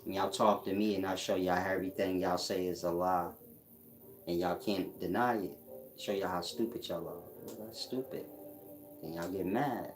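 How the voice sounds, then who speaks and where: Blunt, mocking man with a low voice. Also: moderate pace, slight background noise. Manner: blunt, mocking, laughs at his own jabs. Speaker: livestream host answering chat. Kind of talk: casual livestream talk.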